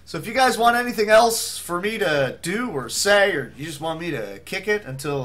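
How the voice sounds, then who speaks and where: Man, speedrunner, live game commentary, high voice, rambling, self-mocking, faint background noise. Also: animated, unhurried, pushed and bright.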